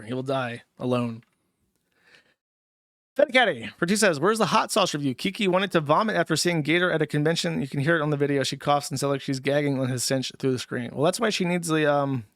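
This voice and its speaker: A man's voice: a little high, no echo, studio quality. A man hosting a livestream, ranting in a profane, mocking way and reading out viewer donations. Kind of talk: casual livestream rant.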